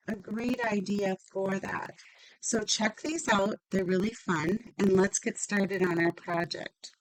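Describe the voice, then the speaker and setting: A woman's voice: mid-range voice, a little hiss or hum, rough recording. A woman demonstrating a stamping craft project, chatty and upbeat, thinking aloud as she works.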